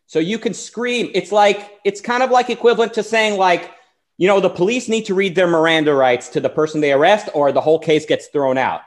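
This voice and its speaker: Animated man hosting a political show. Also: high voice, fairly quick. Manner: animated, argumentative, mimics quoted people. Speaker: show host. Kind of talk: political commentary monologue.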